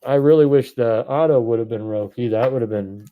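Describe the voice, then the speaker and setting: A man, hosting a live card break stream, reading off names and breaking into excited shouts. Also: mid-range voice, brisk, narrow, tinny audio, background noise.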